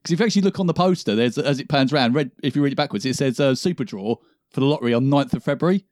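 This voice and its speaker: Fast-talking Englishman chatting about films. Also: mid-range voice, lively intonation, a little mellow, no echo, studio quality. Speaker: podcast co-host. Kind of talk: casual film chat.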